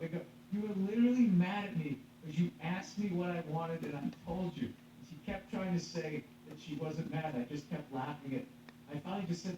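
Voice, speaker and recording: Here a male comedian tells a story in a somewhat high voice, swearing as he goes. He sits well back from the mic in a very echoey room. The sound is muffled, with a faint hum behind him. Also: a little fast, mellow, recorded from a distance. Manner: profane, laughing, acts out quoted voices. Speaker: stand-up comedian. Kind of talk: casual podcast storytelling.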